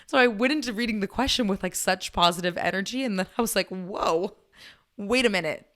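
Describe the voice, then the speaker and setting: A young woman hosting a podcast, telling a personal story in a chatty, animated way with frequent laughs. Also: medium pitch, fast talker. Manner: chatty, animated, laughs often, many "like" fillers. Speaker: podcast host. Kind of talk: casual storytelling chat.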